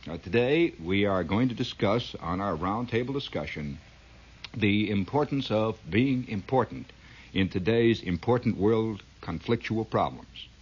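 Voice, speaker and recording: A man's voice: fairly low pitch, expressive, unhurried. A man doing a hollow, pompous TV host. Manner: smooth, hollow announcer patter. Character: bland, well-scrubbed male TV host. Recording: dull lo-fi old recording.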